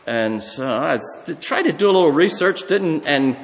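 Folksy preacher in an echoing hall. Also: male voice, a little high, lively intonation, normal speed. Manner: folksy, conversational storytelling. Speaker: pastor. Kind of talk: sermon with personal story.

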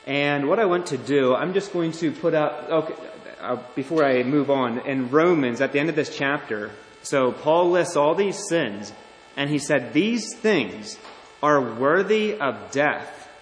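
A male pastor delivers an earnest, deliberate sermon in a slightly raised voice. His words ring out with long reverb, as if in a large church sanctuary. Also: a little high. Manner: earnest, deliberate preaching with restarts. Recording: echoey hall.

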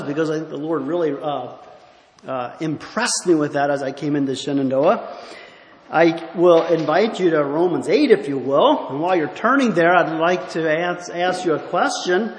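A man's voice: a little high, normal speed. A pastor giving a rambling, musing sermon in a church, often stopping to search for his words. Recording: echoey hall, faint ambient noise.

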